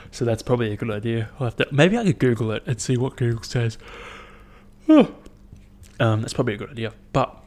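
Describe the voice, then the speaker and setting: A young man talking to camera in a casual, rambling monologue, blunt and swearing a lot as he thinks out loud. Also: mid-range voice, animated, brisk. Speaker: vlogger.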